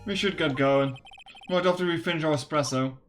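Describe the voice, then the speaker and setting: A woman's voice: low voice, brisk, soft background music, pitched below the performer's own voice, natural voice. A woman voicing an earnest young male defense lawyer who questions and persuades. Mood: probing.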